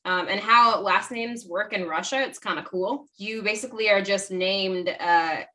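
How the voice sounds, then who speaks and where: A chatty woman with a bright, forceful tone rambles through her notes as a podcast co-host, often correcting herself mid-sentence. Her voice sits a bit back from the mic. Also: mid-range voice, moderate pace, far from the mic. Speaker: podcast co-host presenting the research. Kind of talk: casual chat.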